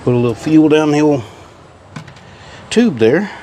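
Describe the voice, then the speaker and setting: Man, garage vlogger, chatty and folksy, slightly high voice, clear shop noise behind. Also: expressive, measured pace. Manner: folksy, chatty, talks to viewers while working. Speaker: car restoration vlogger. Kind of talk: casual workshop narration. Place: garage workshop. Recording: noisy garage with engine and tool sounds.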